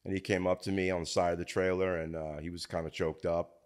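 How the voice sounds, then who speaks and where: A middle-aged filmmaker guest in a casual conversation, talking in halting starts that turn emphatic. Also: male voice, deep voice, level tone, smooth. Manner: halting, restarts often, then emphatic.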